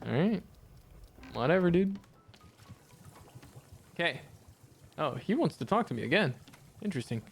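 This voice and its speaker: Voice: medium pitch, sing-song, fairly quick, creaky, long pauses, breathy edge. Chatty streamer muttering over gameplay. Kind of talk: casual gameplay commentary.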